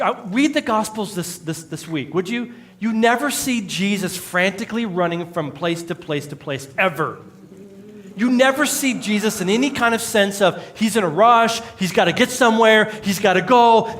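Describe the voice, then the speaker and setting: A man's voice: high voice, lively intonation, normal speed, fairly bright tone. A male pastor, preaching a conversational sermon with jokes and acted-out quotes in a church. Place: church sanctuary.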